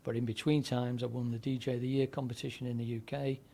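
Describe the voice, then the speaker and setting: Older man with a dark, mellow voice. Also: mid-range voice, flat delivery, fast, creaky. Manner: rambling anecdotal delivery with frequent fillers and restarts. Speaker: guest, former DJ and broadcaster. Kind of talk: conversational storytelling.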